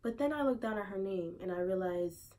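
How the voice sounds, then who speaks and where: A vlogger with an expressive, mellow mid-range voice shares her opinion at a brisk clip. She's conversational and uses fillers, repeating rhetorical questions in disbelief.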